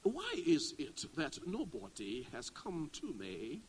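A middle-aged male pastor preaching a sermon, dropping to a hush and then climbing to loud, rising exclamations. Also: a little high, huge pitch swings, takes it slowly, a little hiss or hum, low-quality recording.

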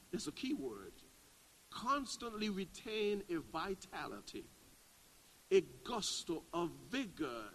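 A middle-aged male pastor preaching a sermon, dropping to a hush and then climbing to loud, rising exclamations. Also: sits high, low-quality recording.

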